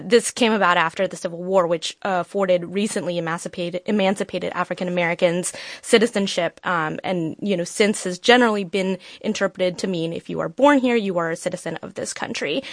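A woman's voice: medium pitch, no room sound, clean studio sound. A woman immigration reporter explaining a legal issue on a radio news program, thorough and using fillers like "um" and "you know". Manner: thorough, with frequent fillers and restarts.

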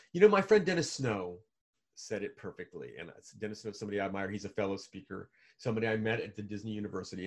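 Husky-voiced man telling an animated story. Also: on the low side. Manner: animated storyteller with many restarts and fillers. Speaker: guest, author and speaker. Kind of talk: storytelling in a video call interview. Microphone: video call.

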